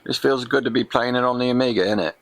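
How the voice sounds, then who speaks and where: A man's voice: lowish voice, lively intonation, slow, a bit bright, no room sound. A man putting on an overdone mock English accent as a jolly old English bloke, tagging "innit" onto his lines while commenting on a game. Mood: chirpy. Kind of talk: gaming commentary in a put-on voice.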